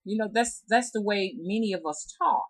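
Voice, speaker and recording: A rootworker storyteller from the Southern United States tells folk tales in a casual vlog, speaking with a Southern drawl in a husky, mid-range voice at normal speed. She rambles and chats straight to her viewers, and the audio quality is poor.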